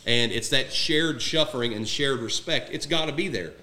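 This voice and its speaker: A man's voice: mid-range voice, normal speed, sharp tone. A middle-aged man, a retired Marine platoon sergeant, telling war stories in a blunt, profane, candid way. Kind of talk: casual war storytelling. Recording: echoey room.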